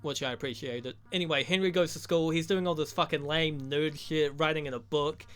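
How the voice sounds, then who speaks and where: A man's voice: fairly high pitch, steady tone, a little fast, a bit bright, smooth. A young man giving a rambling, profane, joking recap of a movie as a reviewer. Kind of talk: crude comedic movie recap.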